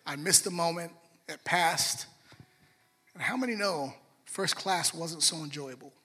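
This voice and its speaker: A young man preaching a sermon, telling a personal story in an animated way and acting out voices in the dialogue. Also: a little high, measured pace, slightly rough. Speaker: pastor. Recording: long reverb of a large hall.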